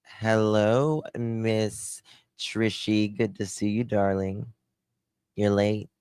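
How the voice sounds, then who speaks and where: This is a middle-aged man talking his live chat through a crime case, blunt and openly sarcastic. His voice is low-set and smooth, and he speaks slowly and deliberately. The sound is close and dry. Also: fairly even intonation, mellow, no room sound. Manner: blunt and sarcastic, dismissive of claims. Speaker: live-stream commentator. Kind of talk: casual true-crime commentary to a live chat.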